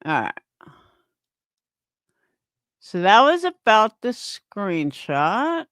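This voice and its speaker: A woman's voice: mid-range voice, very animated, very slow, fairly bright tone, no echo, clean studio sound. A woman in her fifties ranting on a livestream, profane and scornful, mocking her critics. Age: 50s. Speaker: livestream host.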